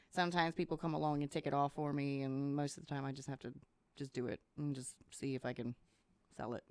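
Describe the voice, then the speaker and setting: Lady podcast cohost, rambly and laughy, smooth clear voice, no room echo. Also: deep voice. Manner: chatty, rambling storyteller who laughs often. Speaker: podcast co-host. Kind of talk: casual chat.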